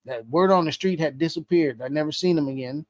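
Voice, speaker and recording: A man's voice: a little high, fairly quick, no echo. A man, a guest on an interview show, telling a story with constant swearing and acting out the dialogue. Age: adult. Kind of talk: casual storytelling.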